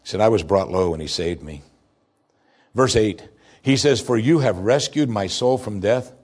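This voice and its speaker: Male pastor, husky timbre, expressive sermon delivery with wide swings in emphasis. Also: normal speed. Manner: expressive, swings from raised emphasis to soft low tones.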